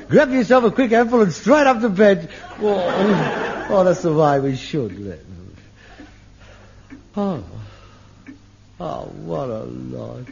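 A middle-aged man, acting in an old TV sitcom, theatrical and excitable, muttering one moment and ranting the next. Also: high-pitched. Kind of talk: 1960s-70s TV sitcom acting. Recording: lo-fi archive TV sound with faint hiss.

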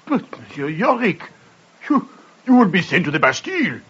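Give me a fretful innkeeper with a husky, higher voice. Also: male voice, sing-song, normal speed, a bit bright, exaggerated voice. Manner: fretful, insistent. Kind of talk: 1950s radio drama acting. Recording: muffled old radio broadcast.

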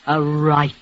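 A frail young woman near death, devoted and tender, speaks in breathless, halting bursts and restarts her words. The sound is dull and lo-fi, like an old radio broadcast. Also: deep voice, full character voice. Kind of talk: 1940s radio acting.

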